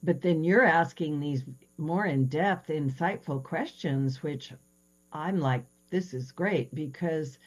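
A woman's voice: low-pitched, darkish tone, slightly rough. A woman hosting a casual interview, asking long rambling questions with enthusiasm. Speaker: podcast host.

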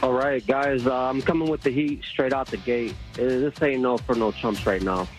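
A man's voice: mid-range voice, normal speed, faint music behind, rough recording. A man calling in to a sports radio show with a confident, punchy take. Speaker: caller.

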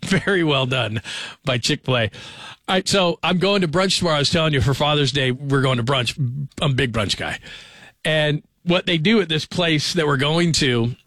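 A man's voice: on the high side, moderate pace, a bit bright, dry recording. A man in his forties hosting a sports radio show from a studio microphone, chatting casually and rambling through stories with plenty of fillers. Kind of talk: casual talk radio chat.

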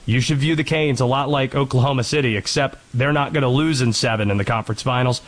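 A man hosting a sports show, delivering a lively commentary monologue and quickly rattling off statistics. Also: medium pitch, poor audio. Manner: animated, quick rattling off of stats.

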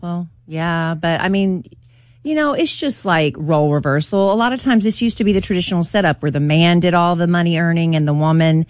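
A woman's voice: on the low side, brisk, no room sound. A woman in her forties, a radio show's love expert, giving blunt and sarcastic relationship advice in casual chat.

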